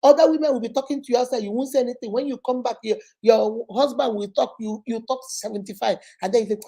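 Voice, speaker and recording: A woman's voice: a little high, fast, few pauses, mellow, slightly rough. A Nigerian woman hosting a show, giving marriage advice in a sarcastic, preachy way and acting out quotes. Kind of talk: animated advice talk to camera.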